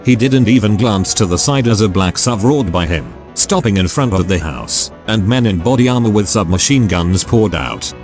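Low synthetic male narrator. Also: normal speed, hardly any pauses, faint music behind. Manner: flat synthetic delivery. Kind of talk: text-to-speech story narration.

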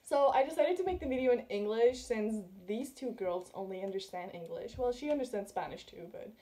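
A woman's voice: fairly high pitch, animated, brisk, mellow. Giggly woman host. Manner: giggly, chatty, swears casually. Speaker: YouTube host. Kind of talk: casual chat.

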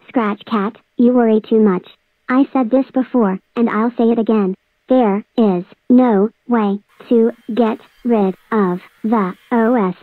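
A synthetic female text-to-speech voice, a little high and lightly acted, plays a gloating villain who spreads a spammy operating system, taunting and threatening. The recording is dry, with tinny, phone-like audio.

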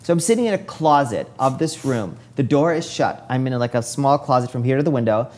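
A man's voice: mid-range voice, brisk. A man in his forties, a hair stylist telling his career story in a casual interview, acting out what people said along the way. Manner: lively storyteller who acts out quoted dialogue.

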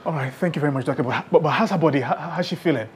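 An actor playing a worried husband, speaking with a Nigerian English accent in a tender, pleading way. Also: male voice, fairly high pitch, rapid-fire, a little hiss or hum, close to an everyday voice. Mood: anxious. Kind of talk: film acting. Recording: film score under the voice.

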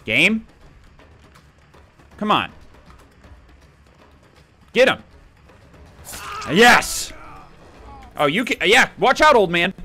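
A young man giving excitable, playful let's-play commentary, taunting the players as he goes. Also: sits high, takes it slowly, pauses often, soft background music. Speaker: gaming YouTuber.

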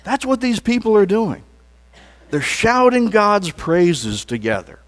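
Earnest preaching man with lively pitch. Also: a little slow. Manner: leads the congregation in call-and-response declarations; earnest preaching with emphatic rises and soft trailing phrase endings. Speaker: pastor. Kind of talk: sermon. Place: church sanctuary.

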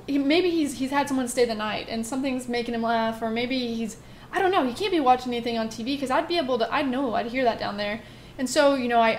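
A woman with a fairly high voice tells a ghost story in a loose, rambling chat, leaning on filler words and backing up to restart her sentences. She speaks into a close desk mic over a game, with a faint hum of noise behind her. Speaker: gaming channel host. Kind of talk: casual spoken ghost story.

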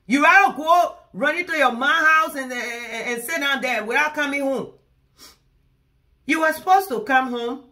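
A woman's voice: high-pitched, unhurried, sharp tone. A woman from Liberia, a comedian, performing a comic one-sided phone call in which she indignantly scolds her partner and argues in circles.

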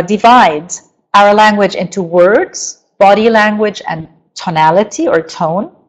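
A middle-aged woman with a medium-pitched voice coaches parents in a webinar lecture. She explains slowly and deliberately, stressing words emphatically, though the audio is poor.

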